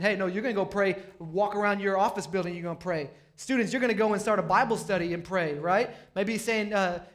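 High-voiced man preaching energetically. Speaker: pastor. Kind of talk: sermon.

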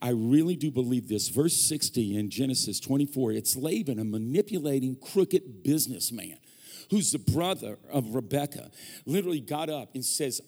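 A man with a mid-range, darkish voice and lively intonation preaches at a moderate pace as a guest pastor. The church hall adds a long reverb. His sermon is full of animated stories, acted-out quotes, and jokes shared with the congregation.

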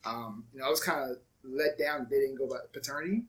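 A man's voice: medium pitch, fast talker. A man co-hosting a podcast in casual chat, rambling and often restarting his thoughts. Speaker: podcast co-host.

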